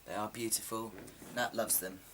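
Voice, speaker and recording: A man's voice: on the low side, fairly even intonation, normal speed, far from the mic, noisy background. A man in casual chat to camera, rambling and self-deprecating with plenty of ums, his voice a little coarse from a sore throat. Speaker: vlogger.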